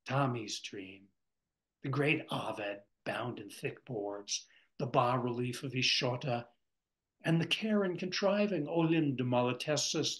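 Slow, unhurried man reading poetry. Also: medium pitch, poor audio. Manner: reads lines slowly, then glosses them. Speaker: workshop facilitator.

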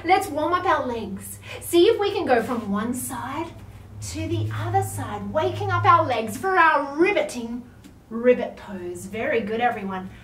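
A woman's voice: sits high, expressive, measured pace, a bit bright, a little hiss or hum. A woman with an Australian accent leading an online yoga class for toddlers, talking in a playful sing-song way with big gasps of surprise. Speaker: kids' yoga teacher. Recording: roomy, distant mic with faint ambience.

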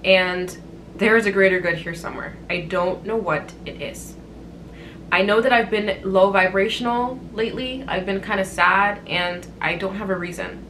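A woman's voice: mid-range voice, moderate pace, a bit bright, a little hiss or hum, low-quality recording. A woman in her twenties telling a story to her vlog camera at home, candid and rambling, with fillers and frequent swearing. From Canada. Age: 20s. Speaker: vlogger. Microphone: compact camera on-board mic.

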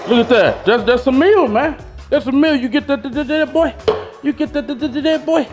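A man hosting a fitness vlog, talking loud, hyped and slangy with a boastful edge. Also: extremely high pitch, brisk, music in the background. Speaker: fitness vlogger. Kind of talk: casual vlog.

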